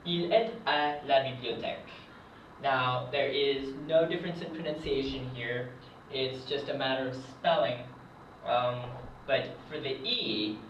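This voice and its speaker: A young man with a medium-pitched voice gives a casual whiteboard lesson as a hobbyist French teacher, hesitating with lots of ums. He writes at a board in a room, and the lo-fi camera audio sounds echoey, distant and dull, with slight background noise.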